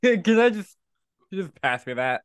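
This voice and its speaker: A man's voice: sits high, sing-song, moderate pace, clear, resonant tone, no echo. A man playing a tabletop game, joking in character and sounding a bit sheepish about his own choices. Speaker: player. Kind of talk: casual tabletop game chat.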